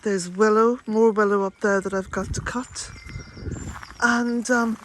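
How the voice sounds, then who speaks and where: An older woman, chatting to camera in a gentle, rambling way and chuckling often. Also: mid-range voice, steady tone, unhurried, a little hiss or hum. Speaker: vlogger. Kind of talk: casual chat to camera.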